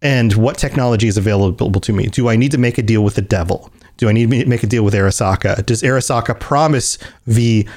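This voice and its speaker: A man in casual chat, telling a game story with lots of restarts and acting out the characters' lines. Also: medium pitch. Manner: animated storyteller who acts out quoted lines.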